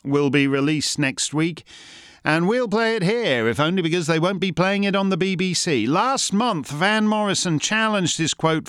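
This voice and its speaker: A man's voice: fairly high pitch, unhurried, fairly bright tone, clear, resonant tone, no room sound, clean studio sound. A man hosting a satirical monologue, sardonic and mocking in manner. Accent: Canadian. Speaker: host.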